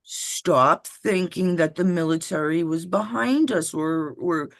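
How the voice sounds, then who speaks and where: A woman's voice: lowish voice, slow, no echo, studio quality. A woman co-hosting a casual political talk show, blunt and rambling, swearing often. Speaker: podcast co-host.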